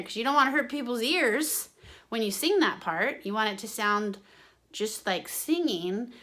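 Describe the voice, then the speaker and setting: A woman's voice: medium pitch, bright, forceful tone. A woman drama teacher giving an online singing lesson, explaining each point to her students and then singing examples.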